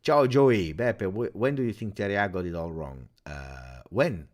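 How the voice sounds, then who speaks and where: Guy w a low voice, casual football stream chat, lots of uhs and eh?s. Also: normal speed. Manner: animated, thinks aloud with many uhs and tag questions. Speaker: football live-stream host. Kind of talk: casual live reaction chat reading viewer comments. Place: home streaming setup in Belgium.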